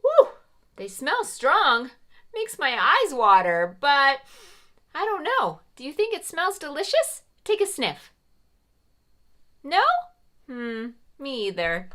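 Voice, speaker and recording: Woman, preschool story time host, lilting voice swooping all over, high pitch, gasps and exclamations, talks to young children. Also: slow pace. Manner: sing-song, speaks directly to young children; animated, big gasps and exclamations. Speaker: children's entertainer playing Mother Goose.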